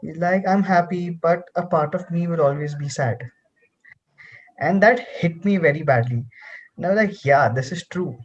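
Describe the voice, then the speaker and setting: A participant telling a personal reflection in a casual group conversation, halting with many ums. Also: medium pitch, dull audio, slight background noise. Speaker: panel participant.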